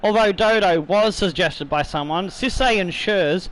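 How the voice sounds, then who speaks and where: A man's voice: sits high, a little slow, fairly bright tone, low-quality recording. A man hosting a football video game let's-play in a chatty, rambling way, a bit tipsy with slightly slurred words and casual swearing. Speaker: gaming YouTuber host.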